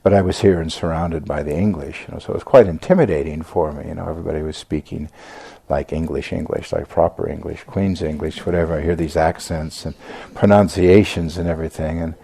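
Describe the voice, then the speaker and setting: An older American man giving a reflective dharma talk, speaking haltingly with many fillers and restarts. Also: rumbling low, steady tone, vocal fry, mellow, breathy edge. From United States. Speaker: Buddhist teacher giving a talk.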